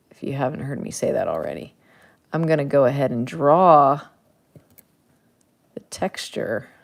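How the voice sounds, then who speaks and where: Low-pitched woman, slow and playful, rambling to herself while she paints. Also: a little mellow. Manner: chatty, thinking aloud, playful. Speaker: artist painting on camera. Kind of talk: casual narration while painting.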